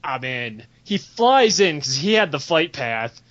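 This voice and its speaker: High bright-voiced man telling crude stories. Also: measured pace, dull audio. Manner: crude, excitable, laughs through his story. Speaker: podcast host. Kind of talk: casual comedic storytelling.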